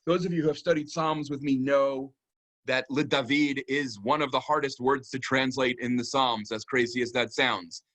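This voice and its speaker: A man, lecturing as a rabbi on a psalm in a thoughtful, explanatory way, often pausing with "um" and checking in with "right?". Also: medium pitch, steady tone, fairly bright tone. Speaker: rabbi teaching a keynote lecture.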